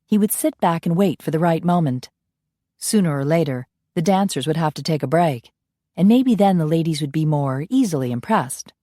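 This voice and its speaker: A woman narrating a romance audiobook in a steady storytelling manner. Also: low voice, normal speed, dry recording, studio quality. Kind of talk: scripted narration.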